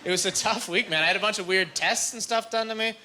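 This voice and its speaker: A man's voice: sits high, fast. A man doing a stand-up comedy set on a club stage, rambling through his stories and acting out the voices of the people in them. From Canada. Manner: rambling storyteller, acts out quoted voices. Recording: live club recording, loud crowd noise. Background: audience laughter.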